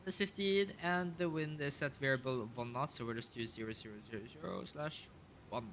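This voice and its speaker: A man with a bright, forceful voice talks through a simulated flight, reading out checklist steps and figures as he goes. He thinks aloud, with a steady stream of ums and uhs and quick self-corrections. A faint hiss sits under his voice. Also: medium pitch. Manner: thinks aloud, calls out checklist items with many fillers. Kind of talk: casual flight sim commentary.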